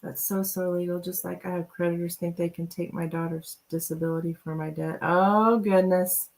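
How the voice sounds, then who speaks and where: A woman's voice: lowish voice, flat delivery, moderate pace, darkish tone, low-quality recording. Chatty woman hosting a live tarot stream. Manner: chatty, laughs often, reads viewer names aloud. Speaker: tarot reader and livestream host. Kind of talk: casual live-stream chat with viewers.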